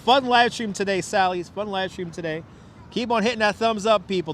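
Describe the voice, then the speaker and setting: A man's voice: high voice, brisk, fairly bright tone, a little hiss or hum. A man with a Brooklyn accent hosting a live-stream walking tour on a city waterfront, chatting with viewers and reading out their names as he goes. He is recorded on a wireless clip-on mic, with the street around him. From Brooklyn, New York. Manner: chatty, reads out viewer names and jokes with chat.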